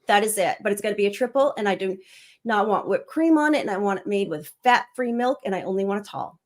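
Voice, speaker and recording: A woman's voice: mid-range voice, lively intonation, fast talker. A middle-aged woman chatting as a guest on a livestream, rambling casually with laughs and fillers.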